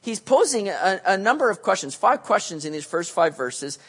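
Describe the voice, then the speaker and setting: Animated preacher swinging loud and hushed. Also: medium pitch, normal speed, breathy edge. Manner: acts out quoted voices. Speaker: pastor. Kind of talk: sermon teaching on a Bible passage.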